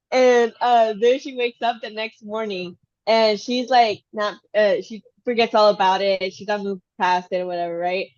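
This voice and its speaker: A woman chatting casually as a podcast co-host, telling a story with lively, dramatic retellings. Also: mid-range voice, a little slow, dry recording, muffled recording. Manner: animated, acts out her daughter's whiny voice.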